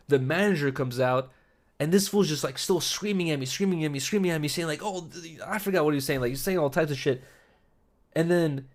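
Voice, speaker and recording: A young man with a slightly high voice tells a rowdy story to his livestream chat. He swears constantly and fills his speech with "like" and "bro," keeping things loose and animated. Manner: profane, animated, full of "bro" and "like". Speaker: livestream host. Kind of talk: casual storytelling to stream chat.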